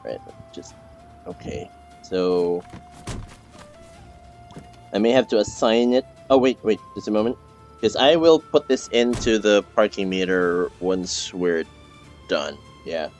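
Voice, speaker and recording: A man's voice: fairly low pitch, animated, takes it slowly, long pauses, darkish tone, muffled recording, faint music behind. Rambling male streamer chatting while gaming. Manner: rambling, repeats words, many fillers and restarts. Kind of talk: casual gameplay chat with teammates.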